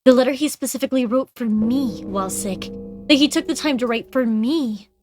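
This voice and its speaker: Woman streamer reading game text out loud, kinda high voice, dramatic, music playing behind. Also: a little fast. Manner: expressive dramatic reading, breaks into casual asides. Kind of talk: reading a visual novel aloud with commentary. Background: game background music.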